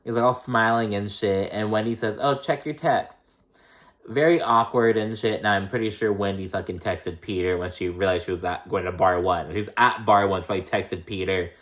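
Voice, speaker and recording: A man's voice: on the low side, fairly even intonation, brisk, few pauses, fairly bright tone. A man giving a loose, chatty recap of a reality show, full of swearing and filler words, sometimes slipping into voices for the people he quotes. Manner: loose, profane, chatty with many "like"s and "um"s; acts out quoted lines in shifting voices. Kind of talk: casual recap commentary.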